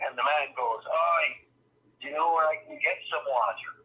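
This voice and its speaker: A man playing an older Scottish uncle with a put-on Scottish accent, telling long jokes slowly and saying "aye" at every turn. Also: a little high, narrow, tinny audio, a little hiss or hum, close to an everyday voice. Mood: rambling. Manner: says "aye" constantly, slow rambling joke teller. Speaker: trivia guest. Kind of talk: improvised comedy character.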